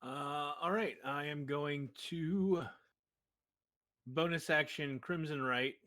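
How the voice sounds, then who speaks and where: A man's voice: fairly high pitch, slow pace, sharp tone. A man playing a tabletop game online, chatty and playful, with lots of ums as he works through his turn. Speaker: player.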